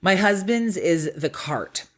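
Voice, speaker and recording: A young adult woman co-hosting a podcast in casual chat, animated, laughing often and repeating herself. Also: lowish voice, slow. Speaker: podcast co-host.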